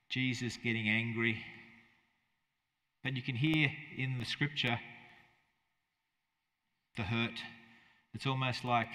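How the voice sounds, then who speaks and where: A man's voice: medium pitch, sharp tone, long reverb tail. A man preaching a conversational sermon as pastor, often asking his listeners rhetorical questions.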